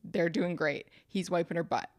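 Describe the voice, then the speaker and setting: A woman's voice: fairly low pitch, steady tone, moderate pace, darkish tone, no room sound, studio quality. A young woman co-hosting a podcast, recapping stories in a giggly, casual way. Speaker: podcast co-host. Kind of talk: casual chat.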